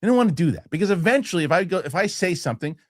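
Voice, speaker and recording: Male host in his forties, animated, heated storyteller, swears freely, slightly high voice, dry close sound. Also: very fast, dry recording. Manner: heated, animated, swears, acts out quoted people. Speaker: show host. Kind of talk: casual storytelling rant.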